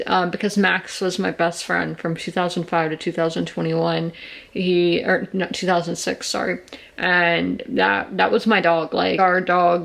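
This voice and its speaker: A woman's voice: lowish voice, vocal fry, fairly bright tone. A woman, chatting at home in a rambling, anxious way for a sit-down vlog. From South Carolina. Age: 20s. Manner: rambling, filler-heavy, anxious storytelling. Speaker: vlogger. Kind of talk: casual sit-down vlog chat. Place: indoors, a room in her home.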